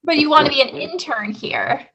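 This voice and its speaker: A woman performing online improv comedy, with a vain, self-absorbed, drawn-out delivery. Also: high-pitched, animated, fairly bright tone.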